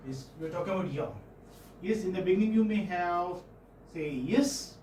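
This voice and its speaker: A male English professor, high-pitched and mellow, leads a classroom phonetics lesson in an Indian English accent. Frequent pauses, repeated words, and check-ins like "okay?" and "hmm?" mark his teaching. The audio sounds distant and roomy, with slight background noise.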